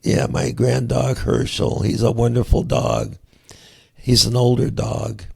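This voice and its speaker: Gravelly, husky middle-aged man host. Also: mid-range voice, very animated, a little slow. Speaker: podcast host. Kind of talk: casual interview.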